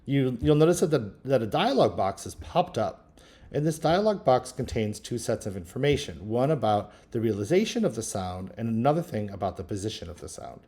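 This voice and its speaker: A man teaching linguistics, talking through a screen-recorded software tutorial in a relaxed, thinking-aloud way with frequent ums. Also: mid-range voice, fairly quick. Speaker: linguistics instructor.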